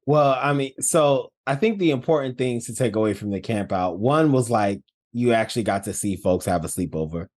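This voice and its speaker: A man co-hosting a casual podcast, lively and laughing often. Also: mid-range voice, moderate pace, hardly any pauses. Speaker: podcast co-host. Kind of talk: casual chat.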